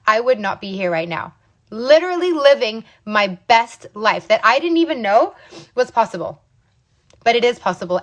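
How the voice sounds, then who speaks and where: A woman's voice: on the high side, a bit bright. A young adult woman in sales, giving a fired-up, passionate motivational talk on a livestream. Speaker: direct sales rep.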